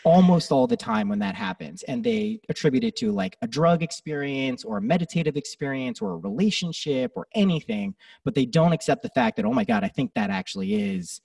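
Gravelly, lively man telling stories. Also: fairly high pitch, brisk, few pauses, dry recording, recorded from a distance. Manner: animated, swears freely, acts out his own thoughts. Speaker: podcast guest. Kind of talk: casual interview storytelling.

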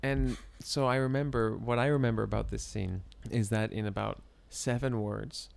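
A man telling a story in casual chat, animated and often breaking into laughter. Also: lowish voice, moderate pace, vocal fry, smooth.

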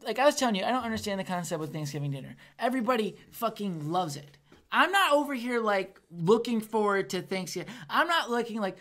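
Woman co-host, casual banter, blunt and profane, average pitch. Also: quick pace. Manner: blunt, profane, animated, acts out quotes. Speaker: podcast co-host. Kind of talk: casual chat.

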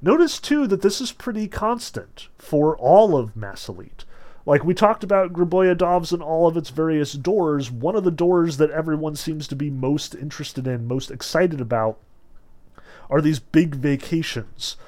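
A man's voice: a little high, expressive, moderate pace, a little mellow. A man giving a casual literature lecture, often saying "notice" and "like" and reading passages from a novel aloud. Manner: chatty, lots of "like" and "notice", reads passages aloud.

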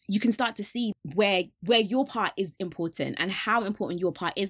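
Lady chatting on a faith podcast, bit husky, dry close sound, laughs a lot and acts stuff out. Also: mid-range voice, no echo. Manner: animated, laughs often, acts out quotes. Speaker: podcast host. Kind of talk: casual faith discussion.

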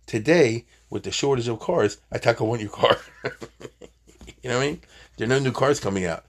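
A man's voice: mid-range voice, lively intonation, a little fast. A man teaching an informal Torah class, chatty, with joking asides and Hebrew terms.

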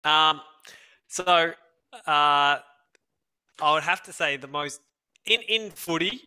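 Bright-voiced relaxed male podcast guest. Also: fairly high pitch, slow, smooth. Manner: relaxed, laughing, animated when telling stories. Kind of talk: casual podcast chat.

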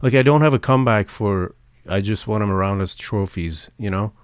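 A man's voice: fairly low pitch, clean tone, no room sound, clean studio sound. A man co-hosting a podcast in casual chat, speaking hesitantly with many fillers and restarts. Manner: hesitant, halting, full of fillers. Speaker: podcast co-host.

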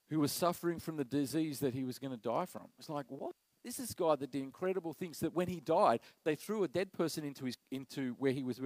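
A middle-aged man, preaching a sermon as pastor, animated and acting out quoted voices. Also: fairly high pitch, no echo, low-quality recording.

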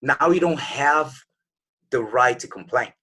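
A man's voice: mid-range voice, measured pace, sharp tone, slightly rough. A man in his forties, a podcast guest, telling a motivational story in an earnest, conversational way and acting out his own doubting inner voice. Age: 40s.

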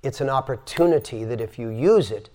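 A man's voice: medium pitch, lively intonation, a little fast, darkish tone. An older man giving a spiritual yoga lecture, demonstrating breath sounds and telling stories with emphasis. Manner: demonstrative, exhales sighing sounds to teach breathing. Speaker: yoga teacher.

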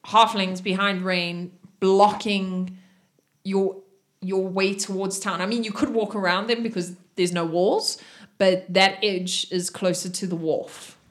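A woman's voice: mid-range voice, steady tone, a little slow. A woman narrating a tabletop game as game master, in a loose, chatty way.

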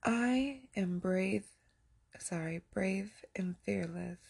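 A woman hosting a casual podcast who leads the listeners through affirmations, saying each one gently and then repeating it. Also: medium pitch, takes it slowly, creaky, slightly rough. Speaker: podcast host. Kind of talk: casual podcast chat leading spoken affirmations.

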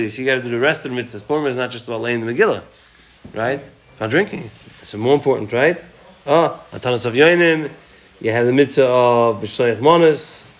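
Man teaching a chatty Talmud class. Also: medium pitch. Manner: quotes Aramaic, then explains in chatty English.

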